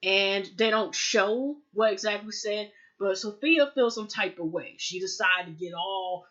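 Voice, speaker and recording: A woman hosting a casual TV episode review, rambling through the plot with lots of "you know" and "like.". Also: measured pace. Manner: chatty, rambling, heavy with fillers like "you know" and "like"; jumps into higher, louder voices when quoting characters. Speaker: TV show reviewer, host. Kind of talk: casual spoken episode recap. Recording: dull lo-fi audio.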